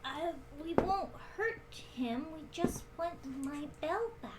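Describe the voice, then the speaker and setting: Lady doing a tiny high cat girl, soft and earnest, slow. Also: expressive, noisy background, exaggerated voice. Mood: pleading. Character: polite little cat-folk woman, earnest.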